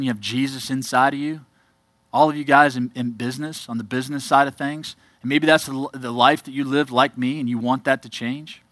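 A man preaching to a congregation, telling his own story with earnest emphasis and quiet asides. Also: medium pitch, no room sound. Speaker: church speaker giving a testimony. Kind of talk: testimony sermon.

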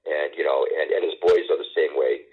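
A middle-aged man telling stories as an interview guest, halting with many restarts and fillers, and a wry sense of humor. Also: extremely low pitch, fairly even intonation, breathy edge. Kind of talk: casual storytelling conversation. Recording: tinny phone line.

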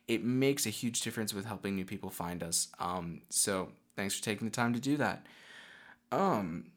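A man hosting a tabletop podcast and narrating the game in a relaxed, casual way. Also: lowish voice, normal speed. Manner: relaxed, many ums and uhs. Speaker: podcast host and game master.

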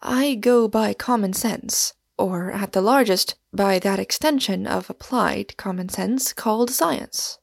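A woman voices an elderly French cafe keeper, sensible and testy yet carefully polite. Her reading has a gravelly edge and a dry, close sound. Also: mid-range voice, a little slow, few pauses, no room sound.

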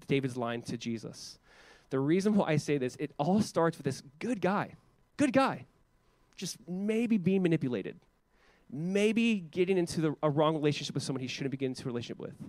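A man preaching a sermon as pastor in an animated, conversational way full of casual asides. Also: a little high, no room sound.

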